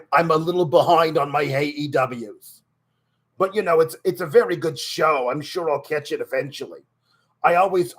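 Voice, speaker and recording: A gushing older woman with a throaty voice, as a man puts her on during a live stream. She sits a little high in pitch and spills out effusive praise, greeting everyone like an old friend. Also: a bit bright, breathy edge. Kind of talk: live stream character commentary.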